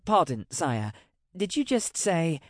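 A man's voice: a little high, big pitch swings, slow, no room sound, studio quality, pitched above the performer's own voice. A man voicing a worried, formal royal aide in an audiobook, speaking deferentially to his king. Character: fussy anxious male royal aide.

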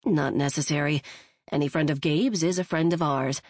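A woman's voice: low voice, steady tone, normal speed, a little mellow, no room sound, studio quality. A woman voicing a courteous male hotel manager with a polite, businesslike manner.

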